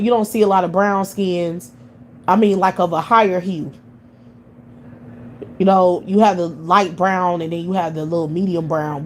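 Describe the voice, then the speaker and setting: A woman's voice: medium pitch, darkish tone, a little hiss or hum. Blunt, profane woman ranting. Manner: blunt, heated, profane and repetitive. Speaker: livestream commentator. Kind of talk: profane monologue rant.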